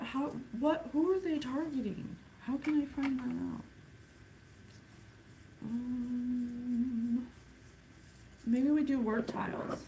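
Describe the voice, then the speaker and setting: Slow, musing woman giving a psychic reading. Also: sits high, mellow, slight background noise, poor audio. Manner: musing, sighing, thinking aloud; slow, halting, counts things off one by one. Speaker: psychic reader. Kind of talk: casual spirit reading to camera.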